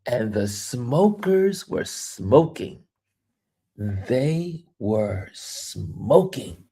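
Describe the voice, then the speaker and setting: A travel vlogger tells a story in an unhurried, drawn-out way. He is lively and playful, laughing often and repeating words for emphasis. His voice sits at an ordinary middle pitch. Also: vocal fry, slightly rough. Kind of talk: casual storytelling monologue.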